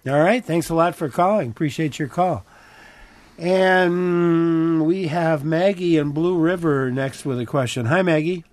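A man's voice: a little high, measured pace, no room sound. A man hosting a radio call-in show, thanking callers and introducing the next one with brief acknowledgements. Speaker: radio host.

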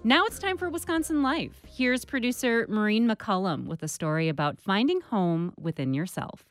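A woman announcer reading program teasers and introductions on public radio in a brisk way. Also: medium pitch, lively intonation, soft background music.

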